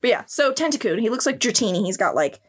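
A woman's voice: fairly high pitch, very animated, fast talker, breathy edge. A young woman hosting a podcast, giving a crude, sarcastic and giggly recap of a cartoon. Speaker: podcast host. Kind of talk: casual comedic recap.

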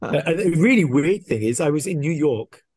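A man, a podcast guest, casually telling a story and acting out the dialogue in an animated way. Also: on the high side, normal speed, slightly rough, no echo. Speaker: guest watch collector.

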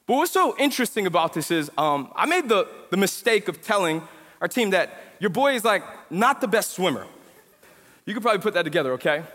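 High-voiced young pastor in a reverberant hall. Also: male voice, brisk. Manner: animated storytelling, casual slang, builds to emphatic preaching. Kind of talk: sermon. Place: church sanctuary.

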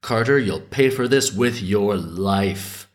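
A man's voice: fairly low pitch, animated, slow. A man voicing a vengeful little male sparrow in a storytelling show, repeating a threat. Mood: threatening.

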